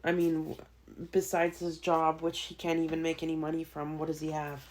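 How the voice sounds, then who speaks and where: A woman co-hosting a podcast, chatting casually and answering in a flat, matter-of-fact way. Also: deep voice, brisk. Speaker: podcast co-host. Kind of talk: casual chat.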